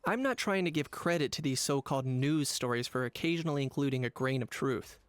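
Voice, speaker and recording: A man's voice: mid-range voice, expressive, brisk, dry recording, lightly acted. An actor voicing a suave, confident man in a video game, speaking in an easygoing, charming manner. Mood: wry.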